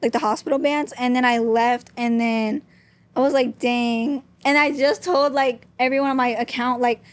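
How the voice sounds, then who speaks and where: A woman's voice: fairly high pitch, steady tone, normal speed. A young woman, a podcast guest, telling a personal story openly and candidly, with many "like" fillers. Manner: open, talks with frequent "like" fillers.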